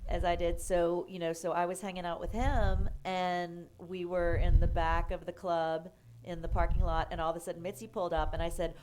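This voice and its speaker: Lower-voiced woman telling a rambling story. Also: moderate pace, a little hiss or hum. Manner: animated, filler-heavy storytelling with frequent "like" and "you know". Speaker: comedian guest. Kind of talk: casual storytelling interview.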